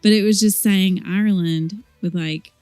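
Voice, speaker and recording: A woman's voice: medium pitch, steady tone, moderate pace, a little mellow, soft background music. A middle-aged woman co-hosting a podcast in casual chat, agreeable and encouraging. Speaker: podcast co-host.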